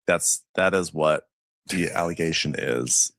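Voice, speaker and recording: A co-host in a casual recap chat, animated, telling the story and doing quotes in high voices. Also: a little slow, no room sound. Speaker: podcast co-host.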